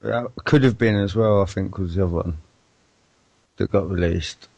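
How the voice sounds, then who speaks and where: A man co-hosting a radio talk show, chatting in a relaxed, offhand way and swearing now and then. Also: sits low, normal speed, vocal fry, slightly rough, no room sound, dull audio. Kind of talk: casual radio chat.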